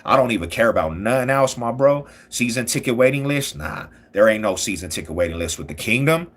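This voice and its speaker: A man hosting a live stream, talking loud, boastful trash about sports rivals in slangy banter. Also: medium pitch, expressive, fairly quick.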